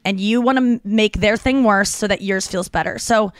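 A woman's voice: medium pitch, normal speed, clean tone, dry recording. A woman comedian co-hosting a podcast, telling rambling stories in casual chat with lots of "like" and restarts. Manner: chatty, filler-heavy, frequent "like" and restarts.

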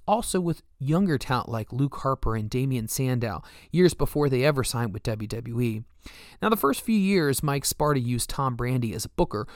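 A man reading a first-person memoir in a steady storytelling manner. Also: medium pitch, no room sound, clean studio sound. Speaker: narrator.

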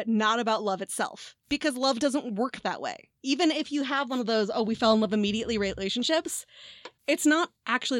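A woman's voice: on the high side, no room sound, studio quality. A woman in her thirties, a former teacher, co-hosting a casual chat, candid and swearing freely. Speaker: podcast co-host, former teacher.

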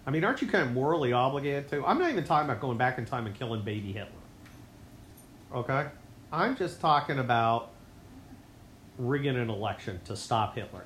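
A man hosting his own show, delivering a rambling, sarcastic political monologue that swings between loud outbursts and low mutters. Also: animated, a little fast, roomy sound, slight background noise. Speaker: podcast host.

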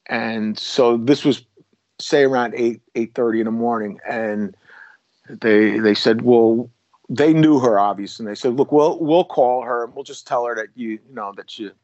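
A man's voice: mid-range voice, moderate pace, a little mellow, no echo. Ex-cop guy rambling through a story, lots of restarts, dry kinda dull sound. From United States. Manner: rambling, many restarts, acts out quotes. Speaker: former police officer telling stories. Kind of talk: casual storytelling.

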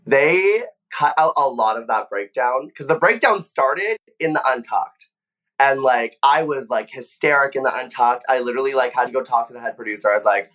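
A young man talks through his backstage stories in a loose, chatty way, peppering everything with "like" and slipping into quick impressions of the people he quotes. His voice sits at an everyday middle pitch. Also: fairly bright tone. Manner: chatty, frequent "like" fillers, acts out quoted voices. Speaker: former reality competition contestant, guest. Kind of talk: casual interview storytelling.

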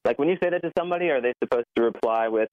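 A man's voice: mid-range voice, very fast, no echo. A man, a guest founder, talking earnestly in an interview with many "like" fillers and a nervous laugh. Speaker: podcast guest, app founder. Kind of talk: conversational interview. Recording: dull, muffled lo-fi sound.

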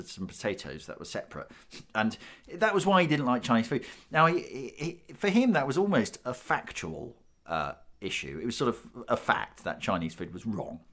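A middle-aged British man in a panel discussion, thinking aloud with frequent restarts. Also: mid-range voice. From Britain. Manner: thoughtful, restarts often. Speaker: panel guest.

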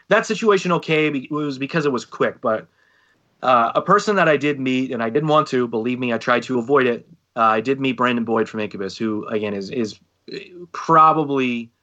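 Telling stories on a casual podcast he co-hosts, this thirty-something band singer animatedly acts out quotes from others. His voice is medium-pitched, and the audio sounds dull.

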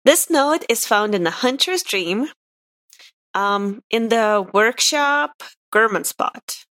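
A woman's voice: a little high, expressive, slow pace, a bit bright, no echo. A woman co-hosting a podcast in casual chat, asking playful questions and giggling often. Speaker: podcast co-host.

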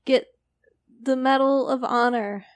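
Slow-talking high-voiced woman game master. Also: steady tone. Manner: slow, laughs often. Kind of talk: narrating a tabletop game.

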